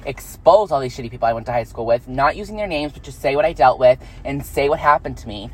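A young man in college, venting in a profane, angry, unfiltered rant to camera that swings into high, shrill outbursts. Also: expressive, fast talker, hardly any pauses, slightly rough. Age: young adult. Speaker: vlogger.

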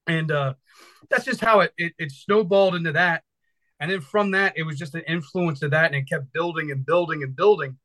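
A man's voice: fairly high pitch, fairly quick, pushed and bright, rough recording. A man in his thirties from Virginia, a firefighter instructor talking casually and energetically in an interview, rambling and swearing freely.

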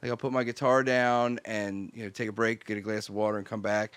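A man hosting a podcast in casual chat, deadpan and teasing, often restarting his sentences. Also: fairly low pitch, fairly quick, smooth, no echo. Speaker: podcast host.

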